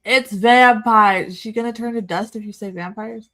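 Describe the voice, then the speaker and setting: A woman's voice: mid-range voice, steady tone, quick pace, a little mellow. Chatty woman riffing on an old movie. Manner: chatty, joking asides to chat, frequent laughs. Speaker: livestream host. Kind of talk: casual movie watch-along commentary.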